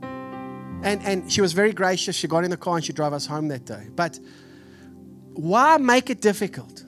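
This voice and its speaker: A man in his forties with a Texan accent, preaching a sermon in an animated, storytelling way. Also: high-pitched, moderate pace, faint music behind. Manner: animated storytelling, acts out family voices. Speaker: pastor. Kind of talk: sermon with personal stories.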